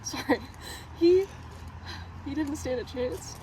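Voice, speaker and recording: A woman tells an invented legend in a mock-solemn, deadpan way. Her voice sits at an ordinary middle pitch. Clear background noise runs under the recording. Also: measured pace, rough recording. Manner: deadpan mock-serious, laughs through lines. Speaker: storyteller. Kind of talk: improvised tall tale.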